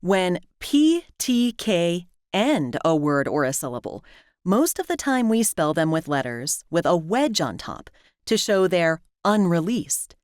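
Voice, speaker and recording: A woman narrating a scripted lesson, clearly and deliberately, stretching out the example words. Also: on the low side, big pitch swings, no echo, studio quality. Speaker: language teacher.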